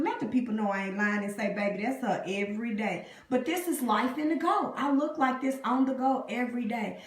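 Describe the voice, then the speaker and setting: A beauty vlogger with a fairly high voice runs a live makeup tutorial, recorded close up on a phone camera in an echoey room. She chats with viewers and calls them "y'all" and "honey."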